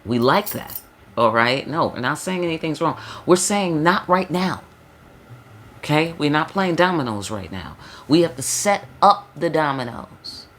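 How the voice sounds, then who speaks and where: Low-voiced woman, slangy tarot reader. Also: slight background noise. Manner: loose, slangy, emphatic, frequent check-ins like "hello?" and "okay?". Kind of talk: casual spiritual reading.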